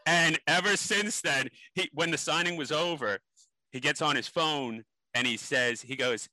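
A man's voice: mid-range voice, fairly quick, sharp tone, dry recording, rough recording. A man being interviewed, telling stories animatedly with many ums and restarts. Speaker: interview guest. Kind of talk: casual interview storytelling.

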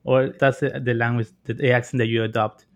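A young man from Mexico hosts a relaxed interview, asking curious questions in loose, rambling phrases. His voice sits in a middle pitch, and he fills his sentences with fillers. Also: a little fast. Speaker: host. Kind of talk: casual interview.

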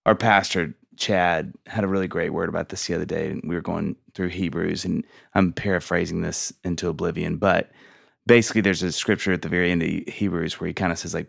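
A man in his thirties hosting a casual faith and parenting podcast, telling stories with lively acted-out quotes and frequent laughs. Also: sits low, brisk, vocal fry, dry recording, studio quality. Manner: animated storyteller, acts out quotes, laughs often. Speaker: podcast host.

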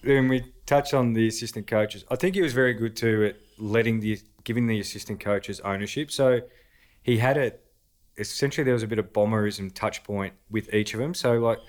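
A man with an Australian accent, a podcast guest telling lively anecdotes in casual conversation, laughing often. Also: on the low side. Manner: animated anecdotes punctuated by laughter. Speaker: podcast guest, former footballer.

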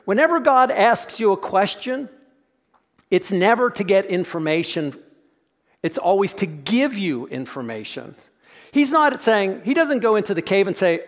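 A man preaching a sermon as pastor in a church, reflective and often sinking into a soft hush. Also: sits high, big pitch swings, a little slow. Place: church sanctuary. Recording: long church reverb.

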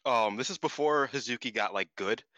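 A man co-hosting a podcast, chatting casually and excitably, laughing and swearing, his voice jumping up in disbelief. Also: medium pitch, brisk, no echo. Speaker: podcast co-host. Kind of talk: casual chat recapping wrestling.

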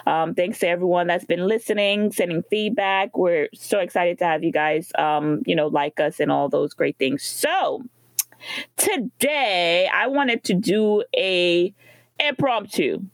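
A woman hosting a casual podcast, asking her co-hosts questions in an upbeat, animated way. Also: on the low side, a little slow, dry recording. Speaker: podcast host.

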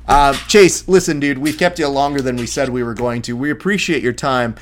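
A man's voice: medium pitch, fairly quick, slight background noise. A man co-hosting a grappling podcast, loose and joking, swearing casually as he talks with a guest. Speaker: podcast co-host.

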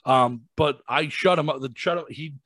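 A man from Massachusetts spins a casual story as a podcast guest. His voice is slightly husky and his delivery blunt and profane. The sound is dry and close, with no room around it. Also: on the high side, normal speed, no echo. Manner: blunt, profane, animated when quoting himself.

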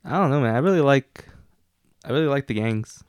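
Relaxed co-host, a man with a smooth clear voice, hesitant and easygoing, dry close sound. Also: medium pitch, a little fast, no room sound. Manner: laid-back, hesitant, says "man" and "yeah" a lot. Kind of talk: casual movie chat.

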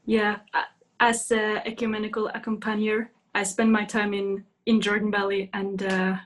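A woman's voice: medium pitch, monotone, moderate pace. A woman moderating a panel interview, speaking with fillers. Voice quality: hesitant, with fillers.

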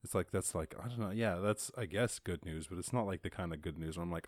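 A man's voice: sits low, quick pace, few pauses, dry recording. A man hosting a podcast, reading news headlines and riffing on them in a rambling, joking way, swearing now and then. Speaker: podcast host. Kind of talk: casual news commentary.

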